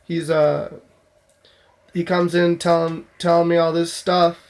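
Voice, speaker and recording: A young store clerk with a slightly high, level voice tells a story from his job in a vlog, speaking unhurriedly. He rambles casually, with lots of fillers and restarts.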